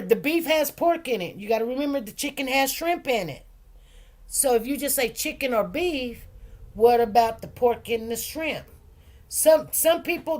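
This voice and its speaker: A woman with a somewhat high voice chats casually on a livestream. She rambles and loops back over her points in loose, informal grammar. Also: a little mellow. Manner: chatty, rambling, repeats phrases. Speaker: livestream host and food truck owner.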